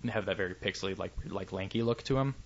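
A man's voice: deep voice, quick pace, muffled recording, a little hiss or hum. A man co-hosting a casual tech podcast, rambling with lots of fillers and restarts. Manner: rambling, many fillers and restarts, laughs easily. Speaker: podcast co-host.

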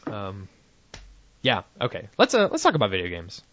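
A man's voice: lowish voice, huge pitch swings, moderate pace, fairly bright tone. A man chatting casually on a podcast, laughing often and rambling with restarts and fillers. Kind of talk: casual chat. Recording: dry, dull lo-fi sound.

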